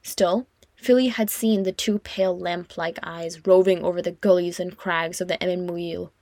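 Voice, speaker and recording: A woman reading fiction aloud as an audiobook narrator, in an expressive storytelling manner. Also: lowish voice, normal speed, no room sound. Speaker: audiobook reader.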